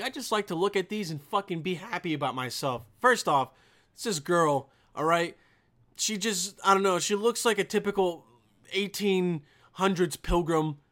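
A man's voice: high-pitched, moderate pace, fairly bright tone. A young man vlogging, mocking cringe videos in a loose, profane, rambling way. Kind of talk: casual commentary on videos.

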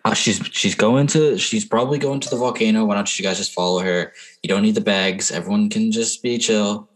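A man playing a jittery young tavern keeper in a tabletop game, slightly low voice, hesitant, evasive, full of fillers. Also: a little fast, close to an everyday voice.

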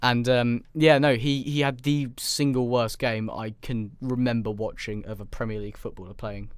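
A man's voice: mid-range voice, little pitch movement, moderate pace, clear, resonant tone, no echo. Sarcastic young man on a football podcast. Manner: rambling, sarcastic, many ums. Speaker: podcast co-host. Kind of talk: casual football podcast chat. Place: studio.

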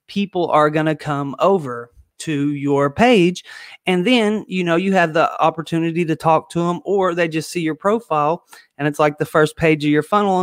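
A man coaching on online business in a casual livestream, excited and quick, with lots of fillers and restarts. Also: on the high side, dry recording, clean studio sound. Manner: excited, fast talker who skips points; filler-heavy, loose and conversational.

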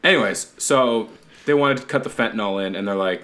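A man's voice: on the low side, brisk, fairly bright tone. A Canadian man co-hosting a casual chat, rambling, swearing and laughing as he recommends a show. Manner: rambling, swearing, laughs often, tries silly accents. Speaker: podcast co-host.

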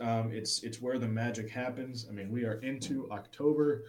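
A man's voice: mid-range voice, fairly even intonation, moderate pace, poor audio. A man co-hosting a casual sports talk show, enthusiastic and rambling, with plenty of restarts. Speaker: sports podcast co-host.

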